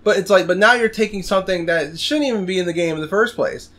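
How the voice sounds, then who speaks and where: A man's voice: sits high, fast. A man hosting a casual gaming podcast, swearing often and ranting. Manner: animated, swears a lot, rants. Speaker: podcast host.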